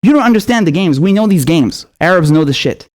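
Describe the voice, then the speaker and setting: A young man with a fairly high voice rants about politics, hurling profanity and sarcasm. His pitch keeps jumping up when he gets heated, and he fires rhetorical questions one after another. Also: expressive, fairly quick, darkish tone. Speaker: political commentator. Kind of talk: ranting political commentary.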